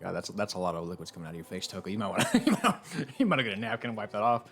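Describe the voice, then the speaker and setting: Excitable cursing male streamer. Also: fairly low pitch, racing, gravelly. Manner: excitable, profane, reacts loudly. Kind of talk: let's play commentary.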